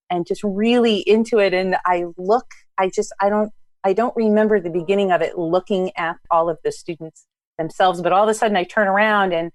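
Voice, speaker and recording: A woman instructor, a guest, telling lively stories about her teaching and acting out what people said. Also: mid-range voice, normal speed, no room sound, clean studio sound. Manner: animated, acts out past dialogue. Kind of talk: storytelling in conversation.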